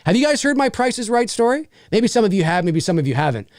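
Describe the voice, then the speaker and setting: Animated, chatty man telling a story. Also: high voice, fast talker, no room sound, clean studio sound. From Canada. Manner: animated and chatty, with many fillers. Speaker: livestream host and voice actor. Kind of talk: casual livestream storytelling.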